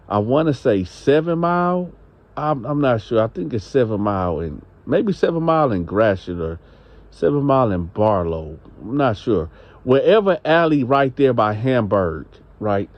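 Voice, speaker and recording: A man's voice: medium pitch, lo-fi sound. Rambling conversational male storyteller. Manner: rambling, conversational, unsure on details. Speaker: channel host. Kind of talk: casual storytelling.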